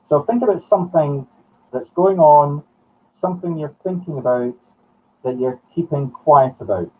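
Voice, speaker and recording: A Scottish man working as a medium on a live broadcast, talking in halting short phrases as he thinks aloud. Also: fairly high pitch, distant mic. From Scotland. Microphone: streaming from home. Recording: muffled sound from off the mic.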